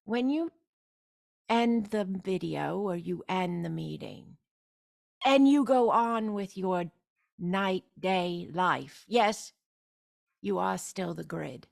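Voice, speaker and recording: A woman's voice: mid-range voice, animated, takes it slowly, vocal fry, pauses often, a little mellow. A woman hosting a spiritual gathering over a video call, stretching out her vowels and breaking in often with emphatic cries of yes. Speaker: spiritual teacher hosting a group meeting. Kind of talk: slow meditative spiritual talk.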